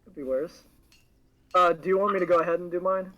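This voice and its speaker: A man's voice: sits high, fairly even intonation, brisk, a bit bright. A man playing a tabletop game, easygoing and a bit hesitant in casual chat. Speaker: player.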